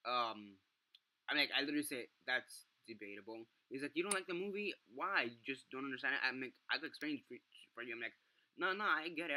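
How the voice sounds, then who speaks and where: A man's voice: mid-range voice, sharp tone. A young man vlogging a film review, ranting in a profane, exasperated way with lots of fillers and restarts.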